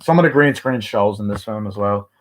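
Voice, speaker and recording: Weary male vlogger with a lowish voice, reviewing a film in a loose, rambling way, peppered with swearing and filler words. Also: animated, a little fast. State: tired. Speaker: movie reviewer. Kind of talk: casual spoken movie review.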